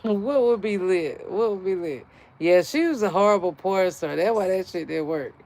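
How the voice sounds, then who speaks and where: A woman talks loosely to her viewers in an unscripted livestream, breaking into laughter again and again. Her speech is blunt and full of profanity, animated and offhand. She is a gardening channel host just chatting. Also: fairly low pitch, normal speed. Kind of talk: casual livestream chat.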